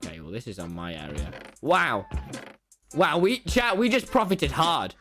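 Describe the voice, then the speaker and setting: Brief: brash lad streaming from home, wildly swooping pitch, faint music underneath. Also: male voice, sing-song, moderate pace. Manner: loud, boastful, jokey, often yelling and laughing. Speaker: live streamer. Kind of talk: excitable gaming livestream chat. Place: home room.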